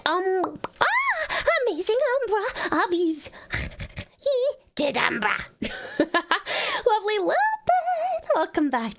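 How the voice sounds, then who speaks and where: A woman with an Australian accent chats through a live stream, warmly doting on viewers and swearing freely. Her voice sits high and swoops up and down with lively bounce. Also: background noise. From Tasmania, Australia. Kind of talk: casual live-stream chat.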